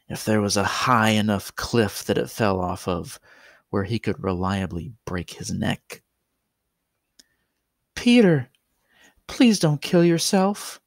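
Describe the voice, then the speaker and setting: Slow, deliberate male storyteller. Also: lowish voice, creaky, dry recording, clean studio sound. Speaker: narrator. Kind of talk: horror story narration.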